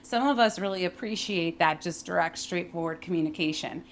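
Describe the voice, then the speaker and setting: A young adult woman teaching workplace communication in a clear, emphatic way, modeling pitch and phrasing as she explains. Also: fairly quick. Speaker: voice and communication coach. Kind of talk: instructional talk with spoken demonstrations.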